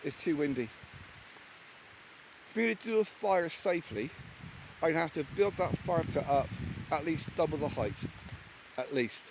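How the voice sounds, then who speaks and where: A man's voice: on the high side, animated, a little slow, pauses often, noisy background. A man from England talking casually and bluntly as he rambles about his camp, swearing freely, outdoors in rainy woodland. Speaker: solo camper vlogger. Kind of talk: casual outdoor vlog talk. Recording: outdoor recording with loud rain.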